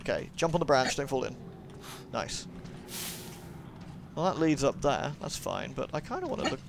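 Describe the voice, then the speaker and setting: A man's voice: medium pitch, big pitch swings, moderate pace, vocal fry, noisy background. A young man giving casual, jokey let's-play commentary, swearing and chatting to the game character. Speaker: gaming YouTuber.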